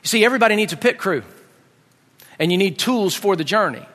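A man's voice: high voice, lively intonation, fast, a bit bright. A middle-aged man preaching a sermon, telling a family story and acting out his kids' voices with lots of animation. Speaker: pastor. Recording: long hall reverb.

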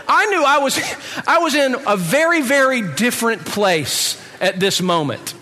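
Middle-aged man, testimony storyteller, animated and comic, bright tone in a reverberant hall. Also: very high-pitched, a little slow, a little hiss or hum. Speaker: speaker giving a personal testimony.

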